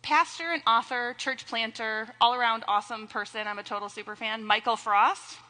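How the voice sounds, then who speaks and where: A woman's voice: fairly high pitch, steady tone, normal speed, pushed and bright. A young woman giving a sermon as a pastor, with playful, teasing asides to her congregation. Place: church sanctuary. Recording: long reverb of a church hall.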